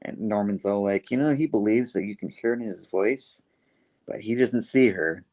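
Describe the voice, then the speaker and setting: A man hosting a comic book show, casually recapping the story and filling it with "you know" and "he's like." His voice sits on the low side. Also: normal speed, darkish tone. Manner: retelling with many fillers.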